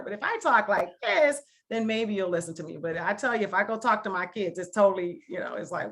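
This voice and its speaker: A woman's voice: mid-range voice, fairly quick, few pauses, fairly bright tone. A woman from Milwaukee speaking on a video call as a guest speaker, earnest and emphatic, leaning on repeated phrases. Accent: Milwaukee, Wisconsin. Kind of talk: casual talk to a video call discussion.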